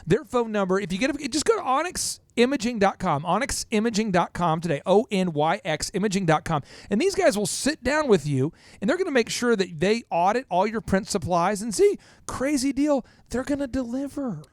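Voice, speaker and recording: A man from Minnesota hosting a business podcast, telling stories with energetic, salesy flair. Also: high-pitched, brisk, few pauses, no room sound. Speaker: podcast host.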